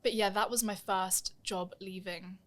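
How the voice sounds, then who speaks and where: A woman's voice: medium pitch, steady tone, measured pace, a bit bright. A young woman telling stories in a casual interview, acting out the voices of people she quotes. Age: young adult. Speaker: guest, musical theatre performer.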